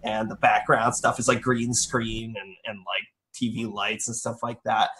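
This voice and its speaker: A man's voice: lowish voice, a little slow. A man co-hosting a gaming podcast, chatting casually and rambling through game opinions. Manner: rambling, self-correcting, animated impressions. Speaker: podcast co-host.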